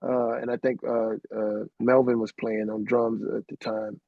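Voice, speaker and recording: Man, middle-aged, husky, rambling storyteller, lo-fi muffled audio. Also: medium pitch, level tone, unhurried, dry recording. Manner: rambling anecdotes peppered with "man". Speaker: interview guest, keyboardist. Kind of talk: casual storytelling interview. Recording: dry, dull lo-fi sound.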